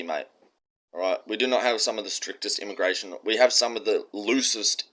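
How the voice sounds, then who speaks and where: A man's voice: fairly low pitch, pushed and bright. A man with an Australian accent delivering a heated, profane monologue with strong emphasis. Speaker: commentator.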